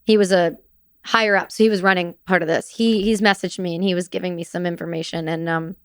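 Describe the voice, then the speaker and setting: A woman, a military veteran and podcast guest, recounting war memories in a halting way, with restarts and blunt swearing. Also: lowish voice, steady tone, clean tone.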